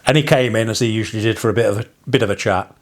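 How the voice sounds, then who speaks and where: A man's voice: fairly low pitch, racing. A man from England, a parson vlogging, talking in a wry, digressive way with chuckling asides. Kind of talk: casual rambling vlog monologue.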